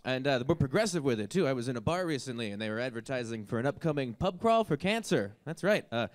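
A man's voice: medium pitch, sing-song, fast, dry recording. A young man doing a stand-up comedy set on stage, offhand and rambling, full of fillers. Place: comedy stage with a live audience.

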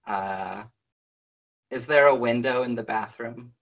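Slow, mock-genteel tabletop player. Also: medium pitch. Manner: slow, deliberate, mock-refined. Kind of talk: tabletop role-play, half in character.

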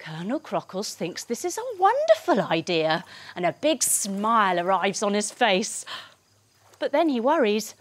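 A woman's voice: mid-range voice, sing-song, unhurried, no echo. A woman leading a children's yoga lesson as a story. She talks in a bubbly, encouraging, sing-song way. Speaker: kids' yoga teacher and storyteller.

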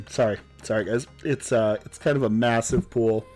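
A young man streams a game from home, slightly sick and coughing now and then. He chats casually with viewers in a middle-pitched voice over faint background music. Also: steady tone, moderate pace. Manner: casual, chatty, thanks viewers by name. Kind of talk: live-streamed game commentary.

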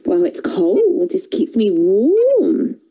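A woman doing a sly croaky big bad wolf. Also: medium pitch, wildly swooping pitch, slow, warm tone, dull audio, exaggerated voice.

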